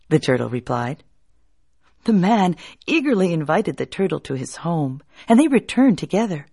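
A woman telling a folk tale in an expressive, drawn-out way, hushing at tense moments. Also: lowish voice. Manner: expressive, drawn-out, hushed at suspense. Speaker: storyteller.

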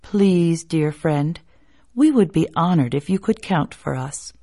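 A woman's voice: low-pitched, animated, a little slow, mellow, breathy edge, heavily acted. A woman voicing a kind young man who speaks politely and a little hesitantly. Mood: gentle.

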